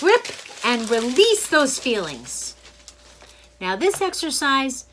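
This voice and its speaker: A middle-aged woman, a child therapist, gently and encouragingly walking children through calming exercises. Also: medium pitch, low-quality recording. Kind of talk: instructional talk to children.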